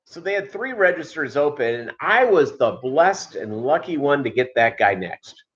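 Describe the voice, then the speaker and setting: A man's voice: fairly high pitch, big pitch swings, fairly bright tone. Rambling man in casual live-stream chat. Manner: rambling, halting, many fillers and restarts. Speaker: channel host. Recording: dull lo-fi audio.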